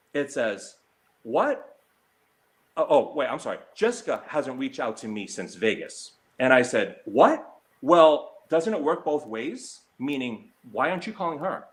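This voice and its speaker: A man's voice: medium pitch, fairly bright tone. A middle-aged man vlogging an angry personal callout, heated and indignant as he reads text messages aloud. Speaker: slots vlogger.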